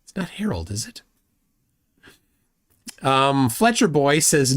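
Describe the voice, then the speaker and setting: A man with a medium-pitched, fairly bright voice and big pitch swings speaks slowly while hosting a live reaction stream. He reads chat comments aloud and mocks the clip with sarcastic asides.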